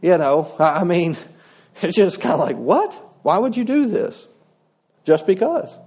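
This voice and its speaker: Pastor guy, highish voice, chatty folksy sermon, kinda middle-aged. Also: sing-song, a little slow, dark tone, husky. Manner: folksy, conversational preaching with humor.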